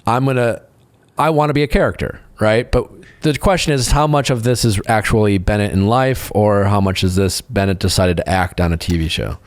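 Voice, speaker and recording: A man hosting a podcast, chatting and explaining his view in a steady, analytical way. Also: on the low side, normal speed, no room sound. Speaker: podcast host. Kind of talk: casual chat.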